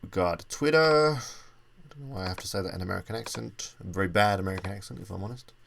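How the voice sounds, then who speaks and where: Low gravelly guy narrating a screen tutorial, chatty, thinking out loud as he clicks around. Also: rapid-fire, a little hiss or hum. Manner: casual, thinks aloud while clicking through steps. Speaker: web design tutorial presenter. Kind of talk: screen-recorded software walkthrough.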